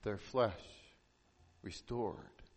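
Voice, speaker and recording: The pastor's voice is lowish and a bit rough as he preaches an earnest sermon. He pushes his voice up to emphasize and lets it fall soft and slow for the key points.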